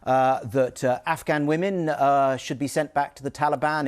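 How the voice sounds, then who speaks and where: A man's voice: medium pitch, steady tone, normal speed, smooth. A man presenting a studio news program, putting pointed questions to a guest and pressing for answers.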